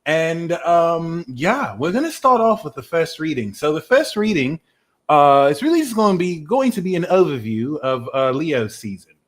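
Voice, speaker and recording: A man's voice: a little high, big pitch swings, moderate pace. A man putting on a boastful British tarot-reader persona with a put-on, half-Americanized British accent, teasing and rambling with fillers on a live stream. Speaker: tarot reader, livestream host.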